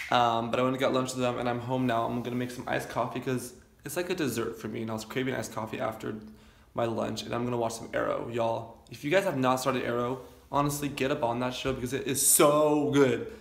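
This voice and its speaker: A man's voice: medium pitch, steady tone, quick pace, creaky, echoey room. A young man rambling casually to camera in his home kitchen, chatty and self-deprecating. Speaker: vlogger. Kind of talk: casual vlog chat.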